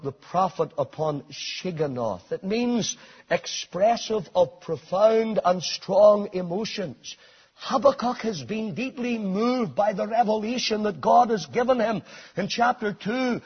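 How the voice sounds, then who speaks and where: A man preaching a sermon, swinging between soft, intimate appeals and loud, shouted climaxes. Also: sits high, slightly rough, dull audio.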